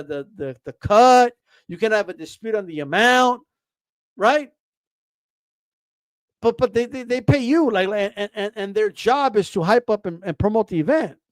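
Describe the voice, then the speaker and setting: High-pitched male streamer from Texas, profane heated rant, full of restarts and mock quotes, dry untreated sound. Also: no room sound. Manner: mocks others in quoted voices. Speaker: boxing commentator. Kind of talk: casual livestream rant.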